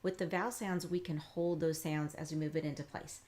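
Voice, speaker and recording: A woman reading teacher giving a patient, encouraging lesson, slowly modeling letter sounds and explaining each step. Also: low voice, steady tone, a little mellow. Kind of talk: instructional demonstration.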